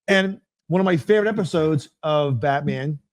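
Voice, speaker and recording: A man co-hosting a casual chat, telling stories with lively acted-out bits. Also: a little high, normal speed, no echo. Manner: animated storyteller, acts out scenes and sound effects. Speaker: podcast co-host.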